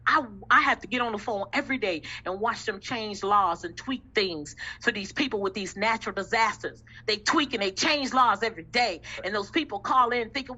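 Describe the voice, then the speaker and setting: A woman's voice: fairly high pitch, expressive, moderate pace, sharp tone, breathy edge, muffled recording. A woman giving an impassioned testimony in a faith discussion, emphatic and repetitive with a preaching cadence. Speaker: group discussion member.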